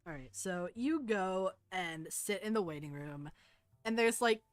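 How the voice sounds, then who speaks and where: A woman's voice: lowish voice, expressive, unhurried, no echo, faint music behind. A young woman narrating a tabletop game as game master, casual and rambling with lots of fillers.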